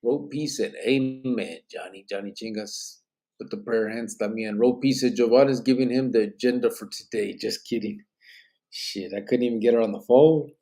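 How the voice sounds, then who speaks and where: Speaking at normal speed with a mid-range voice and dark tone, the host reads out comments from chat on his live podcast. He's loose and rambling, uses bits of Spanish slang, and sounds tired, yawning through this casual live-stream chat.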